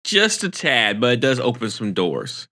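A man co-hosting a casual podcast, talking animatedly, his pitch jumping up when he gets excited. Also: a little slow. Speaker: podcast co-host. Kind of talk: casual chat.

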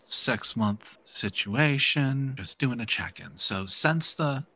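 A man's voice: medium pitch, lively intonation, slow, pushed and bright, exaggerated voice. A man playing a fussy, image-minded male program director who talks in hesitant, bureaucratic phrases. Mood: businesslike. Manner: bureaucratic, hesitant, filler-heavy.

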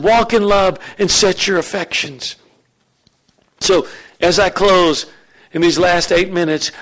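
Man, pastor, high voice, sermon, animated, jokes with congregation, church. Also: poor audio.

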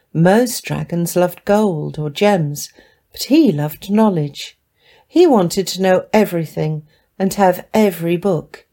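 A woman reading a children's fantasy story aloud in a gentle, clear storybook narration. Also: fairly low pitch. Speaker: story reader.

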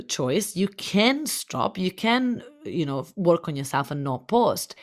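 Low-voiced impassioned woman coach. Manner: impassioned, repetitive. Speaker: business coach. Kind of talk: motivational podcast talk.

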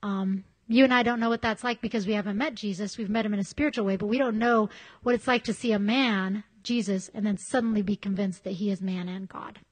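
Preaching a sermon, a woman speaks candidly and conversationally, bringing personal stories to life with animation. Her voice is mid-range and brisk.

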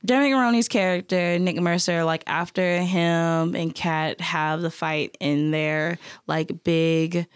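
A young woman co-hosting a casual movie podcast, retelling scenes in an animated, laughing way. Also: on the low side, takes it slowly, hardly any pauses, smooth, dry recording, studio quality. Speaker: podcast co-host. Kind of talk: casual movie-review chat.

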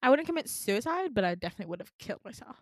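A bored teenage receptionist girl, as a young woman puts her on, curt and condescending, pitched a bit higher and pushier than a plain speaking voice. The sound is dry and close, with no room around it. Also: very animated, rapid-fire, no room sound. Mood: mocking.

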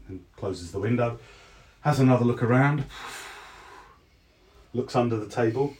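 A man narrating as game master, relaxed and hesitant with many restarts. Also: mid-range voice, moderate pace, long pauses.

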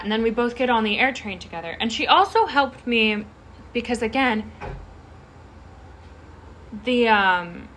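A woman's voice: fairly high pitch, fairly bright tone, slight background noise. A young woman telling a rambling story in casual chat, with lots of fillers and restarts.

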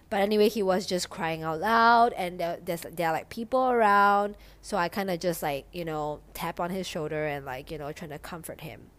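A woman's voice: on the low side, moderate pace. Young woman, casual storyteller, lots of cursing and filler words. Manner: animated, heavy swearing, lots of "like".

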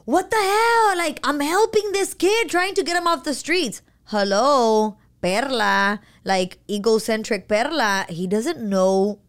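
Animated woman host, higher voice. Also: takes it slowly, few pauses. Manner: animated, switches between English and Spanish. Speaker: podcast host. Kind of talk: casual storytelling chat.

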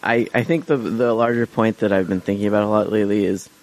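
A man's voice: lowish voice, fairly even intonation, fast, background noise. A man co-hosting a comedy podcast who speaks earnestly, in a lecturing tone, over a remote line. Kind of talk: casual comedy podcast chat.

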